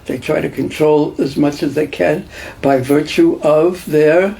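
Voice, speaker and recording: A man's voice: fairly high pitch, fairly even intonation, a little slow, vocal fry, dark tone, poor audio. A man giving a devotional class lecture in a conversational way, repeating phrases and putting questions to the listeners. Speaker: lecturer on scripture.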